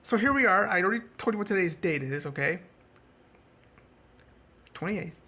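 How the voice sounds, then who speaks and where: Sarcastic male sports vlogger, rambling fan rant, swings into high mocking tones. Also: lively intonation, moderate pace, bright, forceful tone. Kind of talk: casual sports rant to camera.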